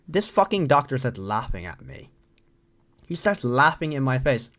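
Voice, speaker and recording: A man's voice: mid-range voice, very animated, moderate pace, fairly bright tone. A young Irish man telling a story to camera in a rambling, profane, self-mocking way. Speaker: vlogger.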